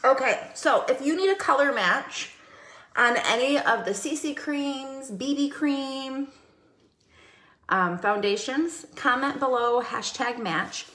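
A woman's voice: sits high, expressive, slow pace, a bit bright, roomy sound. A woman hosting a casual makeup livestream, chatty and greeting viewers by name.

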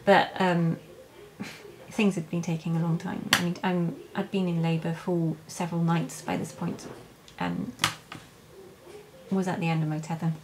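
A young woman telling her birth story in a vlog, halting and emotional, with many fillers and restarts. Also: lowish voice, flat delivery, noisy background. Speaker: vlogger. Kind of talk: personal birth story, casual.

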